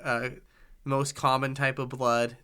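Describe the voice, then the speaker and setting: Bright, smooth-voiced man chatting. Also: medium pitch, little pitch movement, slow. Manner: enthusiastic, rambling, playful. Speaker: podcast host. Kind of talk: casual conversation.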